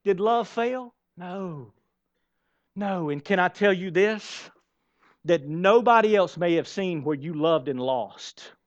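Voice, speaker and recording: Male pastor, fairly high voice, emphatic sermon delivery, dull lo-fi recording. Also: lively intonation, slow pace. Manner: emphatic, storytelling with repeated phrases and restarts.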